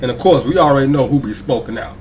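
A man's voice: mid-range voice, expressive, fast, a little mellow, a little hiss or hum. A man hosting a reaction video, talking casually and often checking in with viewers. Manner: chatty, keeps checking in with viewers. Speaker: YouTube reaction host.

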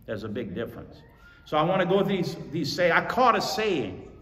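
A man's voice: fairly high pitch, sing-song, moderate pace, pushed and bright. A male pastor preaching a folksy, storytelling sermon full of emphatic repetition to his congregation. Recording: reverberant hall.

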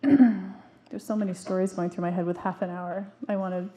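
A woman in her forties speaks to a live audience in a warm, mellow voice. She is earnest and emphatic, often restarting her sentences as she tells stories from her own life. Her pitch sits in an ordinary middle range. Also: steady tone, moderate pace. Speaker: parenting speaker. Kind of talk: public talk to an audience.

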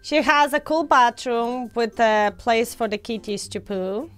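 A woman with a scratchy throat, hosting a casual let's-play chat with excitable squeals. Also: on the high side, a little slow, faint music behind. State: scratchy throat, coming down with a cold. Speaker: gaming channel host.

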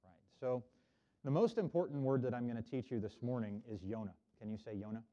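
A man's voice: medium pitch, fairly quick, dark tone. A middle-aged man, a minister giving a friendly children's sermon in a church and having the kids repeat words after him. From Oklahoma. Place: church sanctuary. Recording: dull lo-fi church recording.

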